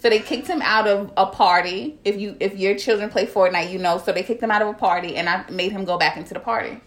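A woman's voice: medium pitch, quick pace. A young adult woman co-hosting a podcast in casual chat, blunt, laughing often and swearing freely. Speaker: podcast co-host.

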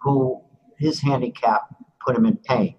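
A man's voice: medium pitch, fairly even intonation, a little slow, breathy edge, highs cut off. An older man being interviewed who tells a story in a rambling, casual way, full of "you know" asides.

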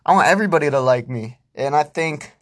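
A man's voice: a little high, expressive, fast, fairly bright tone. Swearing young man ranting on a podcast. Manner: profane, rambling, self-talking. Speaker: podcast host. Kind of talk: casual solo podcast rant.

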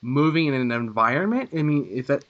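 A man co-hosting a gaming podcast, chatting casually and getting excitable and gushing when thrilled. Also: medium pitch, a little fast, muffled recording. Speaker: podcast co-host.

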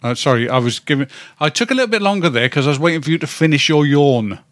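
A man's voice: fairly high pitch, expressive, fast talker, no room sound, studio quality. A man in his fifties, co-hosting a podcast in casual chat, rambling, tripping over words and swearing now and then. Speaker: podcast co-host.

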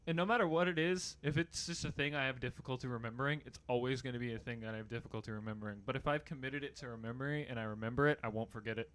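Animated young man, bright voice. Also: very fast, hardly any pauses. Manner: animated storyteller, swears, gets loud and high when ranting. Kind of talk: casual chat.

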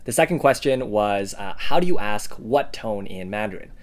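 A man's voice: fairly low pitch, expressive, moderate pace. A man co-hosting a podcast lesson, friendly and encouraging, with a few fillers. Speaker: podcast co-host teaching Mandarin.

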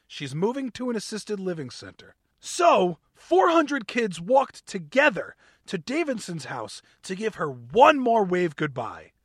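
Bubbly high-voiced male podcast host. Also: huge pitch swings, unhurried, hardly any pauses, slightly rough, no echo, studio quality. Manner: bubbly, giggly, playfully over the top. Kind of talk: upbeat talk show chat.

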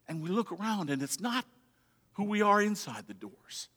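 Bright, high-voiced preaching man in a reverberant hall. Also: sing-song, normal speed, husky. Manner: preaching with dynamic swings between hushed and emphatic. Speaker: pastor. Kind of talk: sermon. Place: church sanctuary. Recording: long reverb of a large hall.

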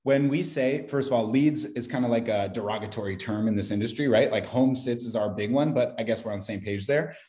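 A man's voice: mid-range voice, a little fast, hardly any pauses, dark tone. A man making a cold sales call, upbeat and chummy in manner. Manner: upbeat, chummy, says bro a lot. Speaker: sales caller. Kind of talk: cold-calling sales pitch.

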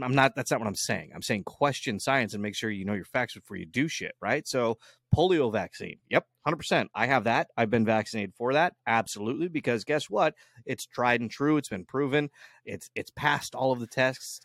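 A man's voice: medium pitch, creaky, a bit bright, no echo, studio quality. A man hosting a casual chat show, crude and emphatic, rambling through his opinions.

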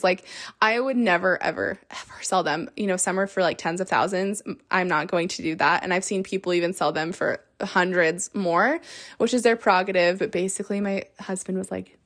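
Chatty excitable woman podcaster. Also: on the low side, fairly quick. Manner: chatty, excitable, lots of fillers like "like". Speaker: podcast host. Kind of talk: casual chat.

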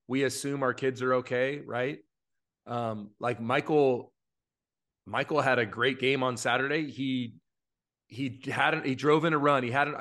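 A man's voice: medium pitch, fairly bright tone. A man who coaches youth baseball, chatting on a podcast in an earnest, openly emotional way with plenty of fillers. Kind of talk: casual podcast chat.

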